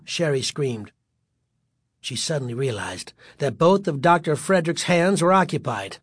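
Reading a spooky story at a moderate pace, this audiobook narrator uses a middle-pitched, expressive voice and vivid pacing to sustain suspense line after line. The sound is close-miked and dry, free of any room sound.

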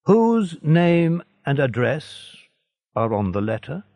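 A man's voice: on the high side, big pitch swings, slow, mellow, no room sound, voice pushed up, heavily acted. A man voicing a stern, secretive male judge who gives clipped orders.

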